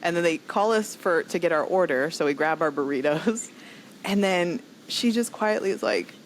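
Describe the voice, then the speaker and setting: A woman comedian telling a personal story in a podcast interview, animated and acting out other people's lines as she goes. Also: fairly low pitch, normal speed, slight background noise, rough recording. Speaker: comedian guest.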